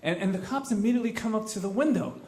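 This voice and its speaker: Earnest male storyteller on stage, higher-pitched, roomy live room sound. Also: fast talker, darkish tone. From Los Angeles. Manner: earnest and conversational, with frequent repeated starts.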